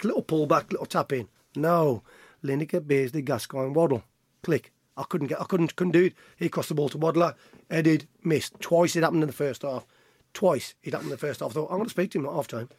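Husky man telling a lively story. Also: a little high, dry recording, studio quality. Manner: lively storyteller acting out quotes, laughs often. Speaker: guest, former footballer. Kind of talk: animated anecdote telling.

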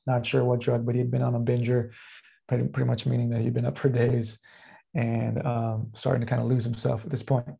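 A man tells a personal story in a loose, rambling way, leaning on fillers as he goes. His voice is gravelly and husky. The tone is dark and mellow. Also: medium pitch, flat delivery, fairly quick. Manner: rambling, heavy use of fillers like "like" and "uh". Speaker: podcast guest. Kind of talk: casual storytelling.

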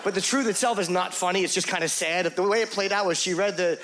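A middle-aged man telling a crude, self-mocking story in stand-up comedy, rambling and animated. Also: sits high, fast talker, background noise.

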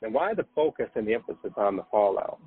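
A man hosting a late-night spiritual podcast, gently reassuring listeners and guiding them to breathe and relax. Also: lowish voice, very animated, fast talker, husky, no echo. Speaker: podcast host. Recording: dry, phone-like narrow sound.

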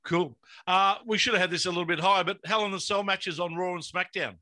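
Bright-voiced host. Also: male voice, high voice, steady tone. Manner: leads the topics, brisk prompts. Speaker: podcast host. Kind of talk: casual chat.

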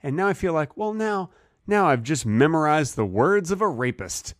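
Lively wry comedy podcast man. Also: on the high side, normal speed, no room sound, clean studio sound. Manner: animated, wry storytelling. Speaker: podcast host. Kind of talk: comedic casual chat.

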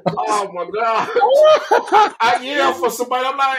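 A man's voice: extremely high pitch, a little slow, bright, forceful tone. A man co-hosting a casual chat, telling a childhood story in an easygoing, drawling way with frequent restarts. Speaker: podcast co-host.

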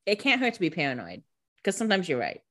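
A woman co-hosting a podcast, reacting in casual chat, excitable and filling her talk with "like" and "you know". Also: on the low side, fast talker. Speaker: podcast co-host.

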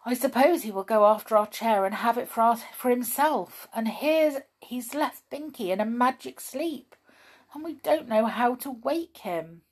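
Worried storybook girl, read by a woman, high and pleading, with a lively, expressive delivery. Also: measured pace. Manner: fretful, pleading. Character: anxious young girl in a children's tale.

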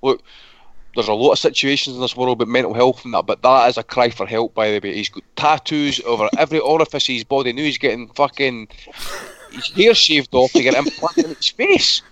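A man's voice: medium pitch, brisk, a bit bright, no echo. A man on a boxing podcast panel, ranting bluntly and swearing as he goes. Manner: blunt, swearing, rambling rants. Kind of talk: casual boxing chat.

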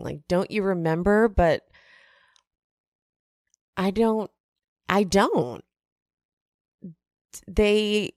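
A woman hosting a casual reality TV recap, chatty with animated asides. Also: fairly low pitch, no room sound, clean studio sound. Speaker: recap podcast host.

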